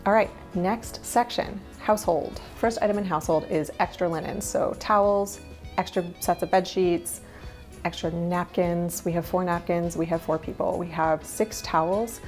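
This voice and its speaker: A woman's voice: lowish voice, fairly even intonation, moderate pace, a little mellow, faint music behind. A woman in her thirties talking through her minimalist habits in a casual vlog, chatty and candid with small laughs and asides. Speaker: minimalist lifestyle vlogger.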